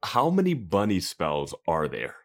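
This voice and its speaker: A man co-hosting a podcast, chiming in with low-key, dry comments in casual chat. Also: wildly swooping pitch, a little slow. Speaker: podcast co-host.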